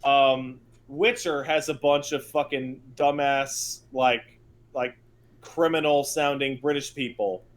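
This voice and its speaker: A man's voice: medium pitch, fairly even intonation, slow. A man co-hosting a podcast in casual chat, riffing with profane exasperation. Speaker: podcast co-host.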